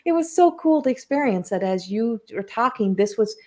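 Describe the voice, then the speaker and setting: Lady hosting a podcast, chatty and animated, says like a lot. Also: on the high side, moderate pace. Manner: animated storytelling, heavy use of "like". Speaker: podcast host and spiritual coach. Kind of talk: casual podcast conversation.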